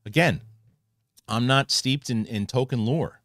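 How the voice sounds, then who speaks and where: A man hosting an online show, giving a casual spoken review of a TV episode, animated and full of restarts. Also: medium pitch, no room sound, studio quality. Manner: animated, restarts often, acts out characters in quick asides.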